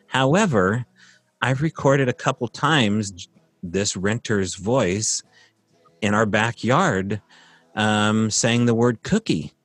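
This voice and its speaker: A man's voice: on the low side, takes it slowly, fairly bright tone, no echo. A man casually telling a long, rambling story from his rural property, with many fillers and restarts.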